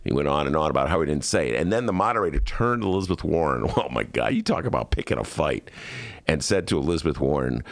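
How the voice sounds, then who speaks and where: Guy hosting a political talk show in a studio, lively swoopy voice, cracks jokes and does bits. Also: rumbling low, fast talker, vocal fry. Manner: animated, joking, mimics politicians. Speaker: podcast host.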